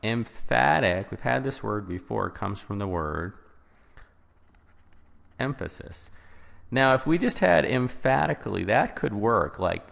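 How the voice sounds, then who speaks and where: Deep, gravelly male tutor, reverberant room. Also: expressive, unhurried, pauses often, fairly bright tone. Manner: explanatory, talks through answer choices with restarts. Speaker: test prep tutor. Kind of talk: recorded video lesson.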